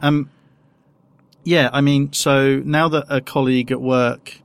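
A man's voice: mid-range voice, fairly even intonation, unhurried, no room sound. Rambling man co-hosting a podcast. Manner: hesitant, rambling with many restarts. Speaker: podcast co-host. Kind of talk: casual chat.

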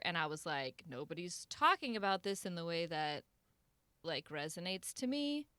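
Animated bright-voiced woman podcast host. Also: on the low side, dry recording. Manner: playful, laughs often, animated. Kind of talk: casual group chat.

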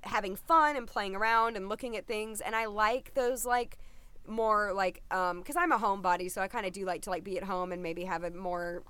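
A woman's voice: mid-range voice, brisk, sharp tone, smooth, no room sound. Young woman cohosting a podcast, chatty and full of "like", dry close mic, mid voice. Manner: chatty, filler-heavy with frequent "like". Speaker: podcast co-host. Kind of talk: casual podcast chat.

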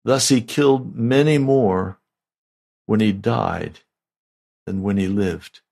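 An older man, a pastor, giving a slow, deliberate, conversational sermon. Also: fairly low pitch, vocal fry, a little mellow.

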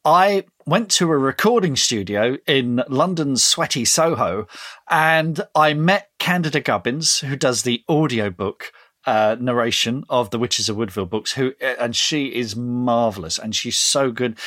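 A man's voice: medium pitch, measured pace, a bit bright, no room sound, clean studio sound. A man co-hosting a podcast, enthusiastic and rambling, often laughing as he talks. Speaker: podcast co-host. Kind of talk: casual podcast chat.

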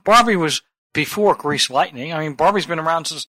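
A man's voice: fairly high pitch, a little fast, sharp tone. A man hosting a podcast in casual chat, teasing his co-host with wisecracks.

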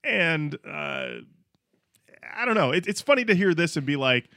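A man co-hosting a podcast in casual chat, animated and laughing often. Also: on the high side, moderate pace, dry recording, clean studio sound. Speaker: podcast co-host.

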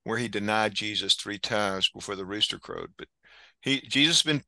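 Man, lowish pitch yet very sharp and tense tone, earnest explainer in a Bible study chat. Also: normal speed, no echo, low-quality recording. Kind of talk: conversational Bible study discussion.

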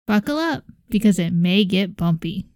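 A woman co-hosting a podcast in casual chat, animated and quick to giggle. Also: mid-range voice, no room sound. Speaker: podcast co-host.

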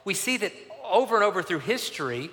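A man in his forties preaches a conversational, animated sermon, leaning into a story from the pulpit. His voice sits a bit high and rings bright and forceful. Long reverb from the big church hall trails behind him. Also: a little fast. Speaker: pastor.

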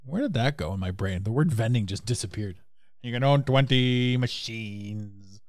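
A man delivers a motivational podcast monologue in a frank, earnest way, dropping the odd swear word. His voice sits at a middling pitch. He is recorded close on a podcast mic in a dry space. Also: moderate pace, darkish tone, no room sound. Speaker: podcast host.

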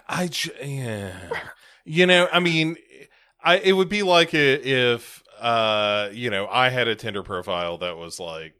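A man co-hosts a casual podcast, speaking slowly and hesitantly with many stammers and fillers. His tone is bright and his humor deadpan. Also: mid-range voice, clear, resonant tone. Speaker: podcast co-host. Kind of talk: casual chat.

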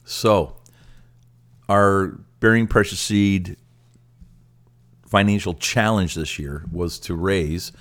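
Deep-voiced older man, animated storyteller. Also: slow, long pauses. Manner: animated storyteller with stammered restarts. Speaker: ministry director and co-host. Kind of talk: casual podcast chat.

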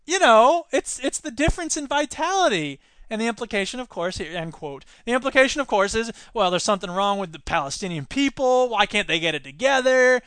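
A man hosting a solo commentary podcast, his voice pitched high and ringing bright. He talks in an animated, sarcastic way, tossing in quick asides. The sound is dry and close, with no room around it. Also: no room sound. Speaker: podcast host.

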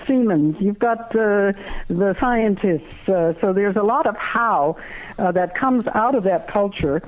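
A guest author speaks slowly and pauses often, stopping and restarting sentences. The voice comes through a tinny phone line with a thin, narrow sound. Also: medium pitch. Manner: halting, many fillers and restarts. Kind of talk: interview answers.

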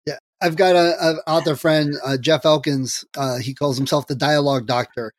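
A man hosting a podcast interview, agreeable and quick with short replies. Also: a little high, steady tone, no room sound, studio quality. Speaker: podcast host. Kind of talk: casual interview chat.

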